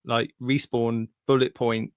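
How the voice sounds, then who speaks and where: A man's voice: mid-range voice, flat delivery, slow pace, smooth, no room sound, clean studio sound. A man hosting a gaming podcast, bumbling and hesitant as he chats and jokes with his co-hosts. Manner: bumbling, hesitant, easily amused. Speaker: podcast host who usually writes the notes. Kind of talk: casual gaming podcast chat.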